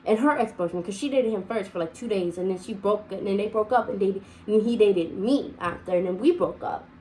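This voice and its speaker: A woman's voice: mid-range voice, brisk, mellow, a little hiss or hum, low-quality recording. A young woman telling a personal story casually, rambling with many repeats and restarts. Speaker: vlogger.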